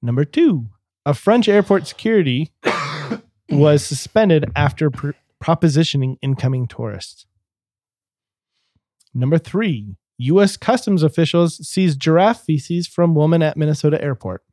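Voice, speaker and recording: A man's voice: fairly high pitch, lively intonation, measured pace, a little mellow, no room sound, studio quality. A man co-hosting a casual podcast, reading out quiz headlines and laughing easily. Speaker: podcast co-host. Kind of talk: casual chat.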